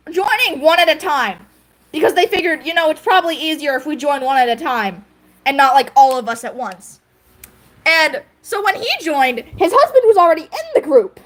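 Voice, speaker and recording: A woman's voice: high voice, fairly bright tone. A young woman creator chatting casually while she draws, rambling with fillers and frequent giggles. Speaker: video creator. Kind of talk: casual chat while drawing.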